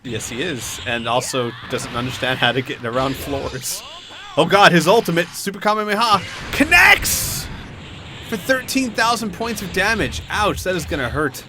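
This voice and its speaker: A man giving excitable play-by-play commentary on video game matches, with quick exclamations at big hits. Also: a little high. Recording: game music playing behind. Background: video game music and effects.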